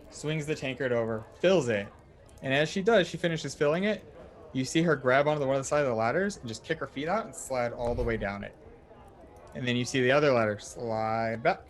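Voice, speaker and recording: A man as dungeon master, narrating a tabletop game in a relaxed, rambling way full of fillers. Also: medium pitch. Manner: relaxed, filler-heavy storytelling.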